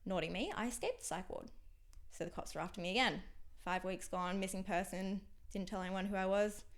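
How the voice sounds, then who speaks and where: A young Australian woman speaking as a podcast guest, talking frankly in halting phrases that sometimes drop to a near whisper. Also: mid-range voice. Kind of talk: candid interview conversation.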